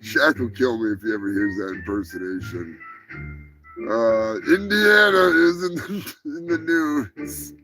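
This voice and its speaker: A man's voice: mid-range voice, measured pace, rough recording. A man hosting a live comedy news show, who rambles, jokes and swears. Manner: rambling, profane, joking. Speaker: host. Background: music.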